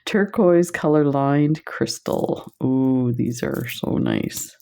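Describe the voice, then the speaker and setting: A woman's voice: extremely low pitch, slow pace, creaky, mellow, clear, resonant tone. A woman presenting beads on camera in a casual chat, telling stories and laughing often. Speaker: bead shop video presenter.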